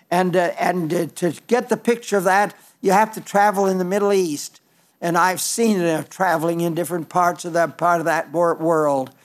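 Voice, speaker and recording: Older man, preacher, sermon, high voice, halting with restarts, slows for scripture quotes. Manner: halting, with frequent restarts and fillers.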